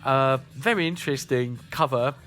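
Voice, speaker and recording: A man's voice: medium pitch, moderate pace, fairly bright tone. A man with a southern English accent from Kent and Sussex, chatting casually as a radio host between songs, with many "uh" fillers. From South East England. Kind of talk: casual music radio chat.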